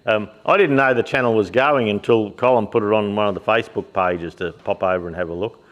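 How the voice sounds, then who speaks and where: A man's voice: on the low side, fairly quick, a bit bright, highs cut off. A middle-aged Australian man, a shop owner, chatting casually to camera in his workshop shed, rambling and blokey with plenty of fillers and the odd swear word. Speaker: shop owner and YouTube host.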